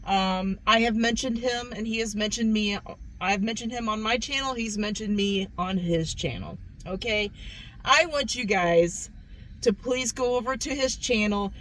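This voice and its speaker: A woman's voice: mid-range voice, a little slow, fairly bright tone, a little hiss or hum, low-quality recording. A woman hosting a casual food review vlog, chatty, repeating herself and calling her viewers "guys". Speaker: food review channel host.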